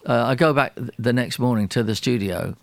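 Male producer guest, gravelly voice, dry close sound, animated storyteller who stumbles and restarts often. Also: mid-range voice, brisk, no room sound. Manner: animated, self-deprecating, with many restarts and repeated words. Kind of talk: anecdotal storytelling in a radio interview.

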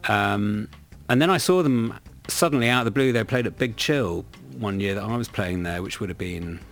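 Man, middle-aged, very low voice, gravelly, rambling chatty guest. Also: normal speed. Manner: rambling, self-correcting storyteller. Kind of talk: casual chat.

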